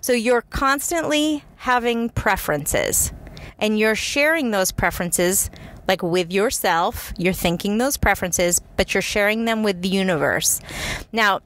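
Woman podcast host, chatty and animated, mid-pitch voice, faint noise behind. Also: a little slow. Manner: chatty, animated, many asides to listener. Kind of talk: storytelling and self-help talk.

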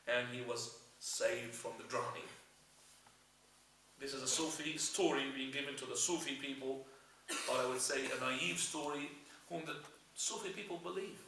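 A male religious teacher giving a lesson, retelling stories in an animated way. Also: medium pitch, moderate pace, slight background noise. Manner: animated storyteller, frequent fillers and restarts. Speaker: Islamic teacher. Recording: echoey room, speaker far from mic.

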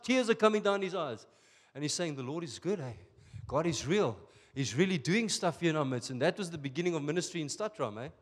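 Guy from south africa preaching, animated, punchy bursts, slightly high voice, big echoey hall. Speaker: pastor. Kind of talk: sermon.

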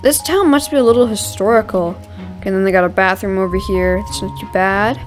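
A young woman hosting a gaming video, chatting casually and excitedly with gasps and restarts as she plays. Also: mid-range voice, brisk, faint music behind. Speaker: gaming channel host. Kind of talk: casual gameplay commentary.

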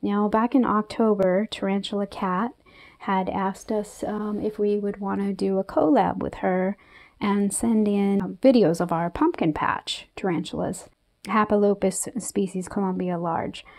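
A woman vlogging about her pet tarantula, talking softly and breathlessly with lots of fillers. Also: mid-range voice, fairly even intonation, a little slow. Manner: breathless and emotional, soft-spoken with frequent fillers. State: out of breath from excitement. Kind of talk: excited casual vlog narration.

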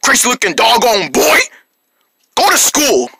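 A man voicing an irate grown man who yells and threatens rude kids in a comedy skit. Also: very high voice, wildly swooping pitch, unhurried, vocal fry, noisy background, exaggerated voice. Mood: angry scolding. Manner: shouting, threatening.

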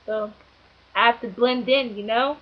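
A young woman chats on in a rambling, giggly way, full of "like" and "you know," her voice sitting a little high. The sound is dull and lo-fi, as from an old webcam mic. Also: steady tone, measured pace. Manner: rambling, filler-heavy, giggly. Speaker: vlogger. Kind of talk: casual storytelling.

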